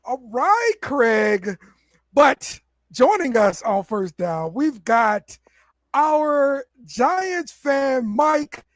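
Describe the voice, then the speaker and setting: A man's voice: very high voice, lively intonation, very slow, no room sound. A man hosting a casual sports podcast in an easygoing way, stumbling and repeating words and calling people bro. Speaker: host.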